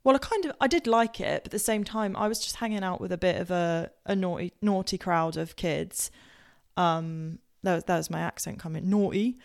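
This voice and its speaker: A woman's voice: lowish voice, creaky. Rambling posh-accented English woman. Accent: posh southern English. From Southampton, England. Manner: rambling, with many fillers and self-corrections. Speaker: podcast host. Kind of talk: casual personal storytelling.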